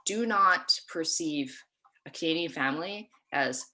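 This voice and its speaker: A woman speaking in an animated, storytelling way in an interview. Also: low voice, measured pace. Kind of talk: casual interview talk.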